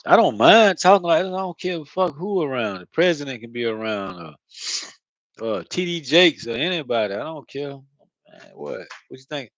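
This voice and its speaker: A man's voice: fairly high pitch, big pitch swings, normal speed, a bit bright, no echo, highs cut off. A man talking casually into his own vlog, rambling and profane, often asking "you know what I mean". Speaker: channel host. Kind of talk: casual spiritual vlog monologue.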